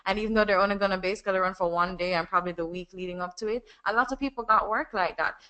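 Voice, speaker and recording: A woman's voice: fairly low pitch, smooth. A woman with a Jamaican accent, a voiceover artist talking casually and animatedly about her work. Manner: animated, quick chatty explanations. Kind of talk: casual conversation.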